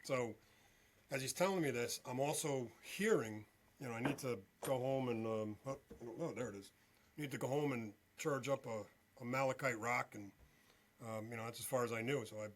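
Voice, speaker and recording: A male veteran and podcast guest telling a story in an animated way, often checking in with "okay?". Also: mid-range voice. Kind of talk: storytelling interview.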